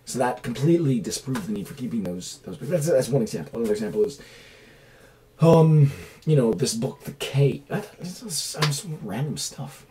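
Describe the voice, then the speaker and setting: A man's voice: mid-range voice, lively intonation, normal speed, warm tone, slight background noise, rough recording. A man rambles through a casual home vlog with lots of rise and fall in his voice, enthusiastic one moment and muttering to himself the next. He's recorded in a small room on a camera mic. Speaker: vlogger.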